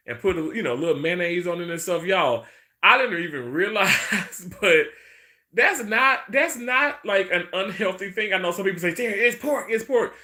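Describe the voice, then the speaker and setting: A chatty man talking to viewers on a live stream, rambling loosely and greeting people by name. His voice is bright and forceful, sitting a little high for a man. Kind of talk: casual live-stream chat.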